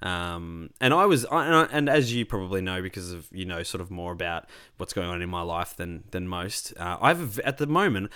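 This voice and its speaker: A man's voice: deep voice, expressive, normal speed, few pauses, pushed and bright, clear, resonant tone. A young Australian man telling a rambling party story in casual chat, swearing freely.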